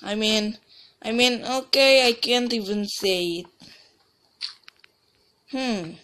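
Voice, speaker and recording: A woman's voice: fairly high pitch, slow, a bit bright. A woman giving casual gameplay commentary as a let's play gamer, rambling and often restarting or trailing off mid-sentence.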